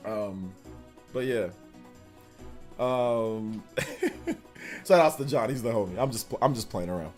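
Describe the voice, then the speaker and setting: A man's voice: on the low side, animated, takes it slowly, pauses often, a little mellow, faint music behind. A man streamer chatting casually on a live reaction stream, rambling, laughing and reading donation messages aloud. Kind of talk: casual livestream reaction chat.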